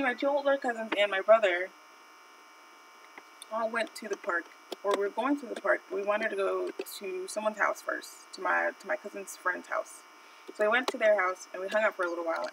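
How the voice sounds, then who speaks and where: A woman's voice: mid-range voice, brisk, gravelly, recorded from a distance, background noise. A woman streaming while she draws, telling a personal story in a rambling, chatty way with lots of fillers. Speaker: art streamer. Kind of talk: casual live-stream storytelling.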